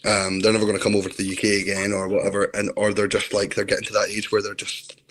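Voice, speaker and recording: A man's voice: lowish voice, monotone, fast talker, a bit bright, a little hiss or hum. Chatty Scottish man telling stories. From Scotland. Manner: chatty, rambling storyteller. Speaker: interview guest. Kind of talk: casual chat.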